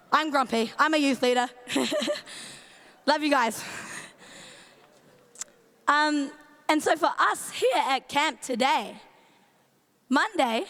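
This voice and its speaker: A woman's voice: high voice, a bit bright. A woman youth leader with a New Zealand accent and a strained voice, giving a playful, chatty camp talk from a large events centre stage. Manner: playful, chatty, greets in Māori. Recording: long hall reverb.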